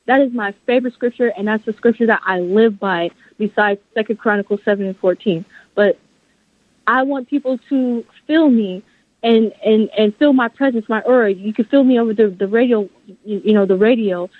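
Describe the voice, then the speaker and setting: Woman, passionate and emphatic, fairly high voice, tinny phone line. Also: normal speed, dry recording. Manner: passionate, emphatic, faith-driven talk. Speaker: guest author. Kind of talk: interview over a phone line. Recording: phone-line audio, dry.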